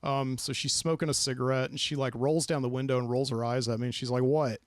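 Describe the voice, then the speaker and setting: Male podcast host, mid-pitched, rambling self-deprecating storyteller in a dead studio. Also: flat delivery, fast, dry recording. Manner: rambling, self-deprecating, acts out quoted people. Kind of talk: late-night monologue storytelling.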